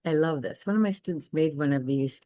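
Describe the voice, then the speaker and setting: A woman art teacher walks through slides in a casual, chatty lecture, repeating points and gushing over examples. Her voice sits low. The sound is dry and close, with no room around it. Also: mellow, no room sound. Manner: enthusiastic, repeats herself, brisk asides.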